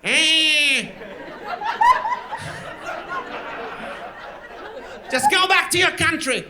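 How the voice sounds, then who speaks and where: A comedian voicing a cranky, hostile old man who shouts from his front yard in gruff, barking bursts. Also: extremely high pitch, lively intonation, slow pace, crowd noise, pitched above the performer's own voice, full character voice. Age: older.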